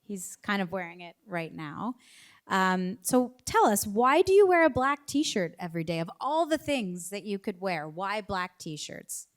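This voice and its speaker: A woman interviewing onstage, asking measured, friendly questions with an occasional filler. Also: medium pitch, very animated. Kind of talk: live onstage conversation.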